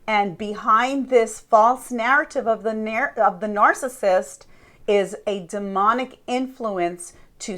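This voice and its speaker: A woman coach delivers a slow, deliberate teaching talk. Her voice sits a little high, and she leans on rhetorical questions to draw her listeners in. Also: a bit bright. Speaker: Christian life coach.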